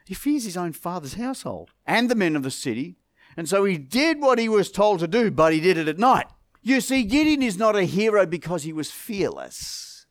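A man delivers a sermon in a high, lively voice that leaps up and down in pitch. He preaches with dramatic emphasis, sinking to near whispers before driving points home with force. The recording is dry and close. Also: normal speed, no echo.

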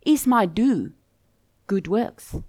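A woman's voice: medium pitch, takes it slowly, no echo. Earnest woman preaching, dry close sound. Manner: earnest and steady, posing questions to the listeners. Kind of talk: sermon.

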